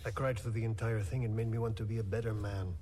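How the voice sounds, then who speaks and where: A man playing an earnest, nervous male film fan who speaks softly and sincerely in a film scene. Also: fairly low pitch, fairly even intonation, fast, a little hiss or hum, natural voice. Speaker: film character, a screenwriting fan.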